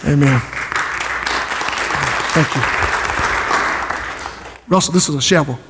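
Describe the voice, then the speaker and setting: A male pastor preaching a sermon, building to shouted climaxes and dropping into joking asides. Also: on the high side, slow, over a noisy crowd, heavy background noise. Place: church sanctuary. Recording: long hall reverb.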